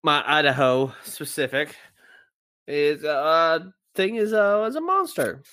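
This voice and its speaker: Lively podcast man telling a monster tale. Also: a little high, takes it slowly, clean tone. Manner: chatty, retells facts with hesitant restarts. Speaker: podcast co-host. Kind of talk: casual podcast storytelling.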